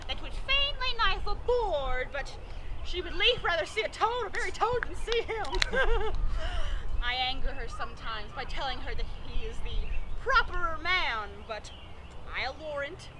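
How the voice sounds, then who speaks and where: A woman's voice: high voice, very animated, measured pace. A woman playing a chatty, teasing older nurse in an outdoor amateur Shakespeare performance, rambling and giggling as she complains. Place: outdoor park stage. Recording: loud outdoor noise, distant mic.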